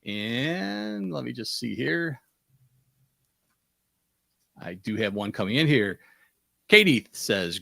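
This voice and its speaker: A man's voice: mid-range voice, sing-song, takes it slowly, creaky, long pauses, fairly bright tone, no room sound, clean studio sound. A man hosting a webinar and taking questions in a chatty manner with fillers. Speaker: host.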